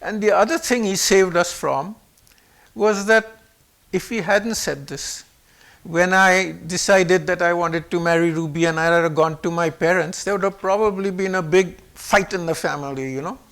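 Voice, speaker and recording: Older man with a high, gravelly voice. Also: normal speed. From Pakistan. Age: 70s. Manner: animated, acts out quoted speech with shifts in voice. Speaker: guest speaker. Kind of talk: personal storytelling.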